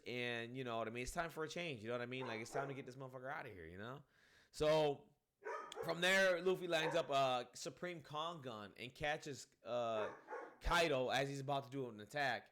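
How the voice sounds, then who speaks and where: Animated and rambling, a man with a mid-range voice talks through a comic chapter as a casual manga reviewer, swearing liberally and leaning on fillers like "um" and "you know what I mean."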